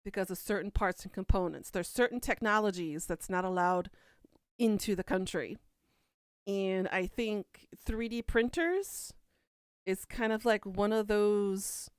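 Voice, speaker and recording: Southern gal from kentucky rambling thru viewer comments, smooth clear voice, dry close sound. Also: female voice, mid-range voice, no room sound. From Kentucky, USA. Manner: chatty, rambling, answers comments aloud. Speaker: podcast host answering viewer comments. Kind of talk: casual chat.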